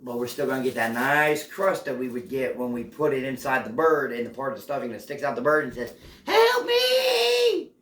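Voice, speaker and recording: A man's voice: medium pitch, steady tone, quick pace, hardly any pauses, a bit bright. Joking man in an echoey kitchen. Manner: playful, joking, chatty. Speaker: cooking show host. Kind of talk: casual cooking demonstration. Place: home kitchen.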